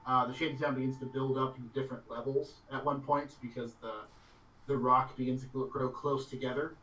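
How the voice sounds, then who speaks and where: A man narrating as game master of a tabletop game, in a loose, halting way with many fillers and laughs. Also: mid-range voice, little pitch movement, a bit bright, echoey room, recorded from a distance, rough recording.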